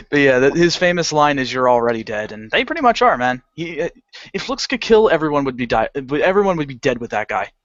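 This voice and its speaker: A man's voice: a little fast, no room sound. Laughing, rambling young man on a podcast. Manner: rambling, laughs often, lively pitch. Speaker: podcast co-host. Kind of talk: casual chat. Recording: dull lo-fi dry sound.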